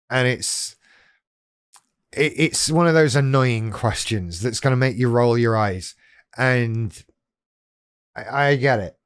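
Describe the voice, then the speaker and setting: Man, channel host, unhurried delivery, dry close sound, wry direct-to-camera talk. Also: mid-range voice, no echo. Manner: wry, direct address to the viewer, self-deprecating. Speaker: YouTube channel host on living with BPD.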